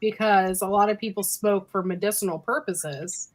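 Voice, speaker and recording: A woman from the United States in a casual group chat, talking in an animated way and laughing often. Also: medium pitch, normal speed.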